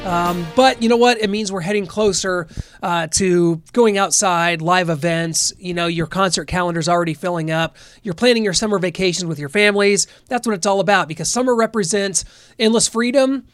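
A man's voice: high-pitched, brisk, no room sound, soft background music. A man from the American Midwest hosting a rock podcast in a chatty, upbeat, rambling way. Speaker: podcast host. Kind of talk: casual chat.

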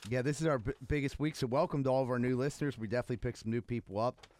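A man co-hosting a podcast, talking in an upbeat, animated way. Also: mid-range voice, very fast. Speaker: podcast co-host. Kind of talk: casual chat.

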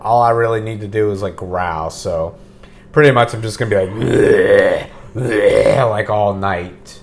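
A middle-aged man hosting a casual podcast, talking in a relaxed, rambling way and swearing now and then. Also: mid-range voice. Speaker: podcast host. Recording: faint background hiss.

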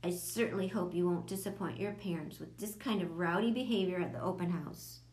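Lady reading as a school principal guy, firm but kind, measured. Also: on the low side, darkish tone, natural voice. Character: male school principal, kindly but stern.

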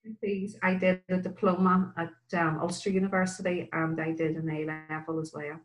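A woman's voice: on the low side, flat delivery, a little fast, poor audio. A woman, chatting candidly as an interview guest and laughing at herself. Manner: candid and self-deprecating, laughs often. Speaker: guest, Irish language learner. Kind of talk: casual interview chat.

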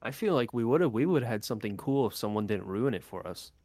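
A man's voice: mid-range voice, expressive, fairly quick, a little mellow, dry recording. A young man in casual chat, laid-back and teasing, who drops the final g on his words.

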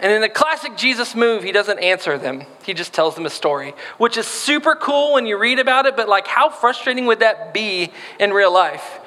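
Man, preacher, sermon, playful, high voice, long hall reverb. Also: big pitch swings, moderate pace, few pauses, pushed and bright. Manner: playful, acts out voices in quotes.

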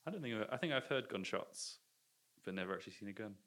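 A man's voice: fairly low pitch, lively intonation, fast, a bit bright. Self-mocking man, laughing as he theorises. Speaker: film discussion participant. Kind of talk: casual group discussion.

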